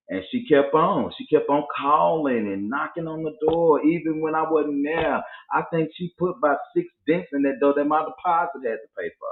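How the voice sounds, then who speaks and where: A man's voice: on the high side, a little fast, hardly any pauses. A man with a drawl tells a story to his co-host and slips into voices for the people in it. His voice comes through thin and phone-like, with a roomy echo around it. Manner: animated, acts out voices in his stories. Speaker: podcast co-host. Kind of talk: casual storytelling chat. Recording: tinny phone-like sound in an echoey room.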